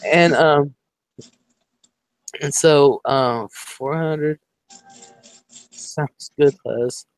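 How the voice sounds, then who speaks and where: This Ohio man has a fairly high, smooth voice, drawing out his words and pausing often. In casual chat he tells a rambling personal story, swearing freely and animatedly acting out the voices of the people in it.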